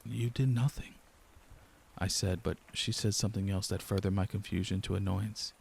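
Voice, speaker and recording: Young guy telling a creepy story, lowish voice, lots of gravel and fry. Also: a little fast, a little hiss or hum. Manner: low-key, steady first-person storytelling. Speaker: narrator. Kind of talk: scripted horror narration.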